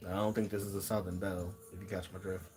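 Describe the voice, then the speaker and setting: A man with a lowish voice talks through a spiritual card reading for his viewers. He muses aloud, circling back and repeating words while he searches for the message. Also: little pitch movement, fast, a little mellow, faint music behind. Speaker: tarot reader.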